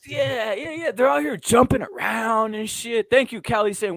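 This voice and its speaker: A man's voice: extremely high pitch, measured pace, creaky, a bit bright, no room sound. A man hosting a casual boxing chat stream, ranting with lots of swearing and repetition. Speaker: host.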